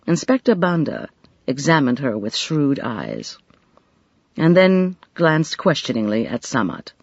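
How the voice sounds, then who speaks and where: An audiobook narrator reading a mystery in scripted narration with expressive, varied delivery. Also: medium pitch, unhurried, dry recording, highs cut off.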